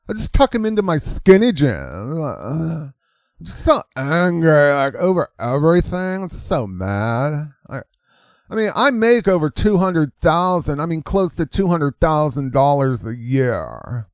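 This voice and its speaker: A man's voice: a little high, no echo, clean studio sound. A man mocking a whiny young activist. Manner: mocking, sing-song complaining. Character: whiny self-righteous young male city activist. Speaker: host.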